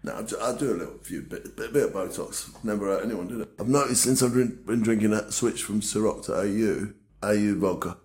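A middle-aged man, a podcast guest talking in a loud, laddish way with plenty of swearing. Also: fairly low pitch, a little fast. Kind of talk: casual chat.

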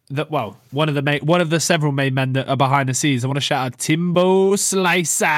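A young man co-hosts a casual football podcast, his voice sitting a little high. He jokes and laughs his way through the talk, dropping swear words freely. The sound is close and dry. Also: dry recording. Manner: laughing, swearing, jokey banter. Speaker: podcast co-host.

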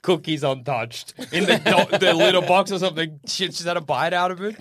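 A man co-hosting a comedy podcast, playfully musing out loud in casual banter. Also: on the high side, brisk, no room sound. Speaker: podcast co-host.

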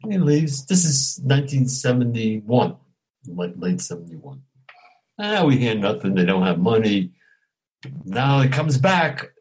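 A man's voice: medium pitch, unhurried, breathy edge, poor audio. Older New man telling stories. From Brooklyn, New York. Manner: animated, acts out dialogue, chuckles often. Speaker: actor, interview guest. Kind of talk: anecdotal storytelling in an interview.

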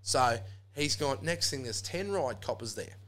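A man's voice: medium pitch, animated, unhurried, fairly bright tone. An Australian man telling a rambling, sweary story in a casual chat, throwing in lots of "mate". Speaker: podcast guest.

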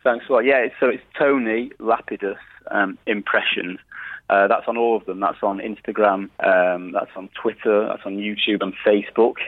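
A man's voice: lowish voice, steady tone, moderate pace, no echo. Man on a tinny phone line. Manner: chatty, casual swearing, many fillers. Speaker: impressionist guest. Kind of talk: casual interview chat.

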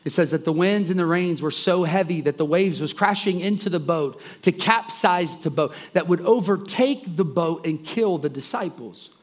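A man preaching a sermon, retelling a story with lively voices for the people in it and big swings between soft and loud. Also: moderate pace, few pauses. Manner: animated, acts out the characters' lines with swings in pitch and volume. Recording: soft guitar music behind the voice.

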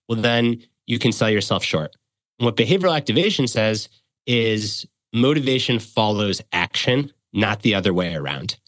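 A man of middle pitch talks as a guest expert and explains in a coaching tone, reaching for practical examples. He is close to the mic in a dry, dead room. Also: fairly bright tone, no room sound. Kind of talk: conversational explanation.

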